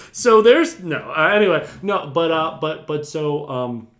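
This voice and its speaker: Animated, rambling man on a podcast. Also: fairly high pitch. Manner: rambling and excitable, heavy on "like" and "right", laughing often. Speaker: podcast co-host. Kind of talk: casual film podcast chat. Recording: roomy echoey room.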